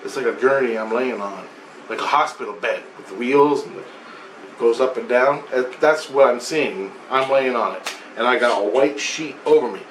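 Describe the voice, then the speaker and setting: This male vlogger has a mid-range, fairly bright voice at a normal speed. He casually retells a spiritual vision in rambling fashion, swearing often and repeating himself and restarting sentences. The recording has a roomy echo and faint background noise.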